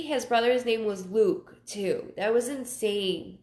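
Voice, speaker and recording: A woman psychic medium hosting her live show, chatting casually and telling personal stories in a halting way, often repeating words. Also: on the high side, darkish tone. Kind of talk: casual livestream talk. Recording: roomy echo.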